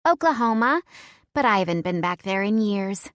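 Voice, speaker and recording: A woman reading an audiobook, voicing a friendly, bubbly young woman at a biker party in a raised, brighter voice. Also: mid-range voice, expressive, moderate pace, no echo, studio quality, pitched above the performer's own voice, natural voice. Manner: eager, chatty.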